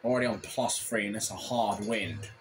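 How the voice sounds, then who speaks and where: A man commenting live on his own gameplay, irritable and grumbling, with sudden shouted complaints. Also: lowish voice, normal speed, over music. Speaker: gaming channel host.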